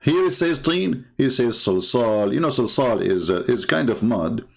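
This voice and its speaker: A man's voice: mid-range voice, expressive, a little slow, vocal fry. A man hosting a livestream, arguing a point with rhetorical questions and plenty of hesitation. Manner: argumentative, repeats rhetorical questions, frequent filler. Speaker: online show host. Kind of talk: livestream commentary on religious texts.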